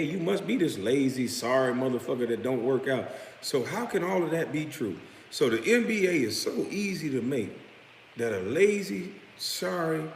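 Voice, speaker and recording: Late-30s man, ex-athlete, heated and profane rant, mid pitch, echoey room. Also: gravelly. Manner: heated, profane, mocking, with scornful laughs. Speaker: former pro basketball player. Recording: echoey room with long reverb, faint noise.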